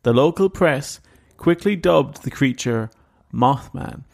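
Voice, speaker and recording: A man's voice: mid-range voice, lively intonation, slow pace, vocal fry. A man co-hosting a paranormal podcast, chatting casually and reading story notes aloud. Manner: reads story notes, easily spooked. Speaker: podcast co-host. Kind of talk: casual chat and read narration.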